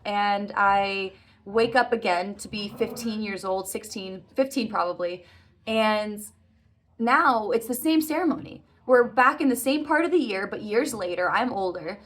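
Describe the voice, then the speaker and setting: A woman's voice: a little high, a bit bright. A woman telling a long personal dream story in a casual, earnest way, often correcting herself and padding with "like" and "uh". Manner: earnest, rambling, self-correcting with frequent "like" and "uh". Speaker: vlogger recounting a dream.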